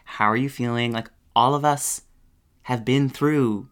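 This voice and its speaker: A man's voice: medium pitch, fairly even intonation, a little slow, fairly bright tone, clear, resonant tone. A Canadian drag queen co-hosting a podcast, reflective and rambling, with many I don't knows. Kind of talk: casual podcast chat.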